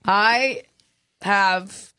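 A woman's voice: medium pitch, drawn-out words, background noise. Laughing woman in her forties telling a story. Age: 40s. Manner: animated, laughing, crude humor. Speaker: podcast host. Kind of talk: casual storytelling chat.

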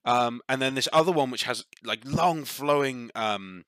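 A man's voice: mid-range voice, unhurried, a bit bright, clean tone, no room sound. A man narrating as game master of a tabletop game, rambling with many fillers and restarts.

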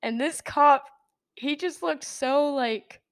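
A woman's voice: high voice, takes it slowly, dry recording, studio quality. Young woman rambling through a story. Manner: rambling, filler-heavy retelling with frequent laughs. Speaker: podcast host. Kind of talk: casual storytelling.

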